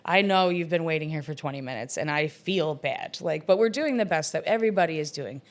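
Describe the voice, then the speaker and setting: A woman's voice: deep voice, lively intonation, fairly quick. A woman in her thirties, a bartender guest, telling stories in a loose, chatty way full of fillers and laughs. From Long Island, New York. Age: 30s. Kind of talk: casual storytelling in an interview.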